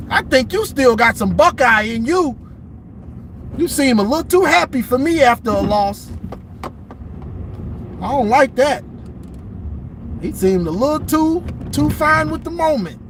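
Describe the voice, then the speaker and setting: A man's voice: extremely high pitch, big pitch swings, slow, pauses often, background noise. A man ranting casually about football on a livestream from inside his car, emphatic and repeating himself. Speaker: sports commentator vlogger.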